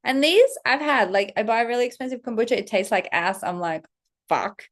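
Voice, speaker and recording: A woman vlogger telling a personal story, animated, profane and confessional. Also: on the high side, fairly quick. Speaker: self-development vlogger. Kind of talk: casual storytelling vlog.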